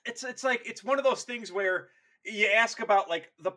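A man co-hosting a podcast in casual chat, animated and profane, slipping into joke voices. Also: sits high, moderate pace. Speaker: podcast co-host.

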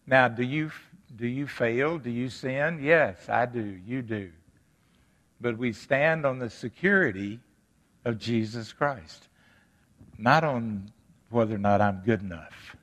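Male pastor, sermon delivery, earnest, rhetorical questions; mid pitch, long church reverb. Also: slow pace, fairly bright tone. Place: church sanctuary.

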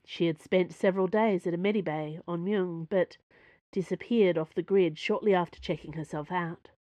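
A woman reading her own serialized fiction aloud, expressive and lively storytelling. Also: fairly low pitch, normal speed, no echo, highs cut off. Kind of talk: scripted fiction narration.

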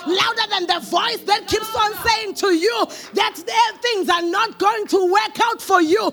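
A man preaching a sermon with impassioned shouting, chanted repetition and slow emphatic delivery. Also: very high-pitched, fairly even intonation, faint music behind.

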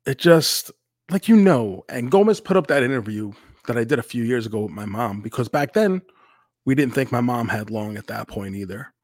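A man co-hosting a podcast in casual chat, talking candidly and with a lot of swearing, often breaking into loud re-enacted quotes. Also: mid-range voice, animated, normal speed, no echo, studio quality. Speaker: podcast co-host.

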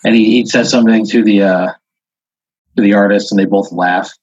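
Low husky man narrating a comic game. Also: steady tone, darkish tone, dry recording. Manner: rambling, halting narration with chuckles. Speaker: game master. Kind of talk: improvised comedic storytelling. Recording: dull, dry lo-fi audio.

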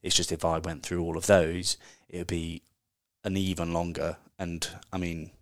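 A man's voice: sits low, level tone, normal speed, dry recording, clean studio sound. A man hosting a casual solo podcast, talking in a chatty, candid way and swearing offhandedly. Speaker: podcast host.

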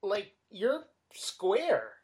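A woman chatting casually as a podcast co-host, teasing and quick to laugh. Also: mid-range voice, huge pitch swings, darkish tone. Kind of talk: casual chat.

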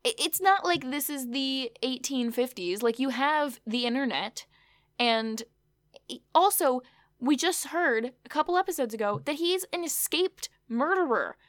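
A woman's voice: high-pitched, expressive, a little slow, dry recording, clean studio sound. A woman co-hosting a casual chat, recapping an episode with wry asides and lots of fillers. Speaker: podcast co-host.

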